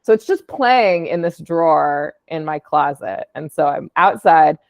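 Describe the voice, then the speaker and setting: A woman's voice: sits low, lively intonation, a little slow, creaky, dry recording, clean studio sound. A woman, an audio artist, casually presenting her work on a call in a chatty, upbeat way with lots of fillers. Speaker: podcast producer and audio artist.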